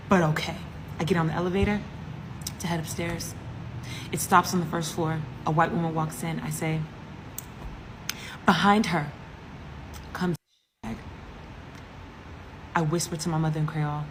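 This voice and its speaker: A woman telling a comedic story time, animated and dramatic, with frequent asides to the audience. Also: low-pitched, normal speed, long pauses, a little hiss or hum. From US East Coast.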